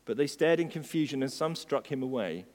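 A man preaching a sermon on prayer, moving from quiet reflection to fervent exhortation. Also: medium pitch, expressive, a little fast. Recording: long hall reverb.

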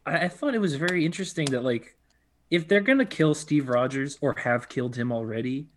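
A man's voice: fairly high pitch, lively intonation, fairly quick, slight background noise. A man co-hosting a casual film review podcast over a video call, rambling and restarting his sentences, swearing now and then. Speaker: podcast co-host.

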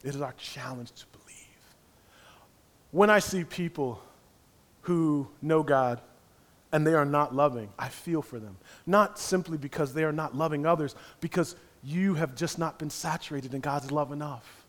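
A man preaching a sermon in repeated rhythmic phrases, swinging from hushed near-whispers to loud impassioned cries. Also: on the high side, normal speed. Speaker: pastor.

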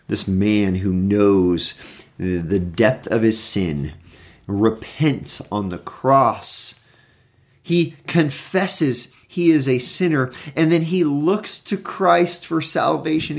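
A man teaching through a Bible passage in an earnest, animated way, reading scripture aloud and stopping to explain it. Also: mid-range voice, slow pace, creaky. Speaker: pastor.

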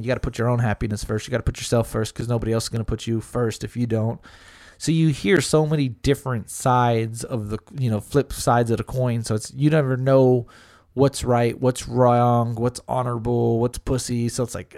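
A man's voice: medium pitch, darkish tone, dry recording, studio quality. A middle-aged man telling a story in casual chat, swearing freely, quoting friends and using lots of fillers. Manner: loose and profane, lots of fillers, quotes friends and family.

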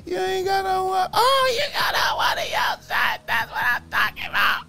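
A man putting on the voice of an excited female store clerk who gushes and shouts like a fan. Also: very high voice, normal speed, gravelly, over loud music, pitched above the performer's own voice, heavily acted. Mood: gushing, excited. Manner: squealing, shouting, gushing.

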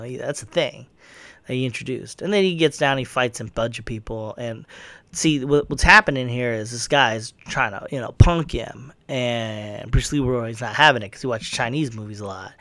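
A man's voice: medium pitch, vocal fry, no room sound. A man casually retelling a kung fu movie plot, rambling and swearing, acting out the characters' lines. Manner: rambling, profane, acts out quotes.

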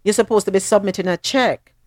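A woman co-hosting a podcast, reading an article aloud with expressive emphasis and stumbling over words now and then. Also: mid-range voice, fast. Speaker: podcast co-host.

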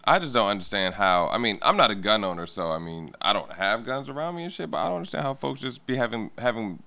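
A man co-hosting a podcast, telling stories in animated, profane chat that often trails off into mumbles. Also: lowish voice, fast talker, gravelly. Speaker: podcast co-host. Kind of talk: casual chat.

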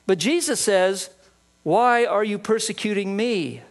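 A man preaching a sermon, explaining scripture earnestly and reading passages aloud. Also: high-pitched. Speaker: pastor.

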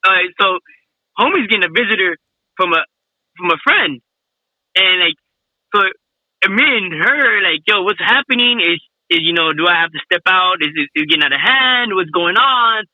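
A man's voice: sits high, expressive, moderate pace, bright, forceful tone, no echo, dull audio. A man telling a funny story in casual chat, laughing a lot, slangy and swearing often.

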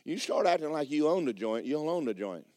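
A man preaching a sermon, emphatic and loud at times, dropping low for stories. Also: big pitch swings, brisk, no echo, clean studio sound. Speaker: pastor.

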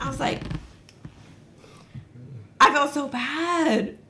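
A woman's voice: high voice, takes it slowly, pauses often, bright, forceful tone, slight background noise. A woman, a school teacher, telling a story in casual chat, laughing, swearing and acting out the quotes. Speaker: podcast guest, school teacher.

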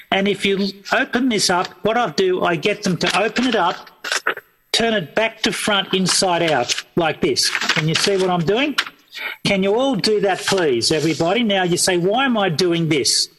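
A man's voice: high-pitched, animated, normal speed, background noise. A man running an evangelism training workshop, explaining a method in plain, repetitive steps and often restarting his sentences. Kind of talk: instructional workshop talk.

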